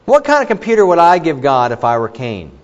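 Animated male preacher, slightly high voice, dull recording in a reverberant hall. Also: brisk. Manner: animated, questioning, with asides to the congregation. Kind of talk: sermon.

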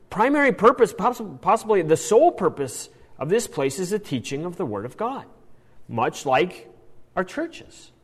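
A man teaching a Bible passage in an animated sermon style, often restarting his phrases. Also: a little high, big-room sound. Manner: animated, acts out quoted lines, frequent restarts. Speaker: preacher.

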